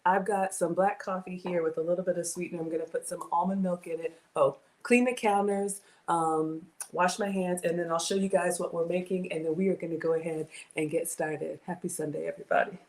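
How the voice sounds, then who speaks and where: A woman's voice: fairly low pitch, steady tone, fairly quick, hardly any pauses, darkish tone. A woman in her forties hosting a casual home cooking livestream from her kitchen, chatty and greeting viewers by name.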